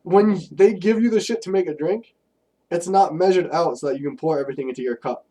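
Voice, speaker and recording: A young man, co-hosting a podcast and telling crude, animated stories in casual chat, a bit far from the mic. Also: a little high, brisk. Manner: profane, animated storytelling. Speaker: podcast co-host.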